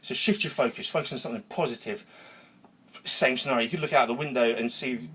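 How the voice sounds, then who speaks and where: A man talking straight to camera in his garage gym, still worked up from a workout. His voice sits at an ordinary middle pitch. He rambles energetically through a motivational talk, swearing casually as he goes. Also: lively intonation, a little fast, fairly bright tone, slight background noise. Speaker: vlogger.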